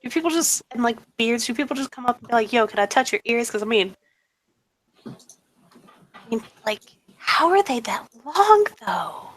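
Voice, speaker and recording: A woman's voice: on the high side, animated, moderate pace, long pauses, rough recording. Woman playing a rambling, chatty young woman. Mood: curious. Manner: rambling, casual, full of fillers.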